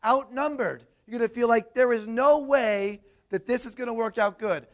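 A man delivers an energetic sermon, his voice pitched notably high for a man. He tosses questions out to his listeners and drives his points home with emphasis. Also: brisk, few pauses. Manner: animated, asks the audience questions. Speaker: preacher. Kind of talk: sermon to a congregation.

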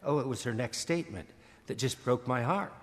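An older man preaching a sermon, earnest, stammering and repeating words, slowing and swelling on key phrases. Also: mid-range voice. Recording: long hall reverb.

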